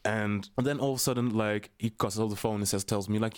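A man, a podcast guest, telling a story in a casual, animated way, full of "you know what I mean" asides and blunt swearing when worked up. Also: on the low side, quick pace.

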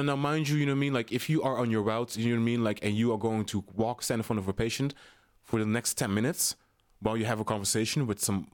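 A man of medium pitch, a guest on a podcast, tells a story casually and with animation. He scatters "you know what I mean" asides throughout and swears bluntly when he gets worked up.

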